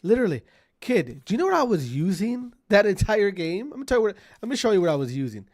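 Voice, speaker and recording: A man's voice: high voice, big pitch swings, quick pace, a little mellow. A man streaming gameplay, ranting profanely at teammates and repeating himself. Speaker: gaming streamer. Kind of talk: casual gameplay commentary. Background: gunfire from the game.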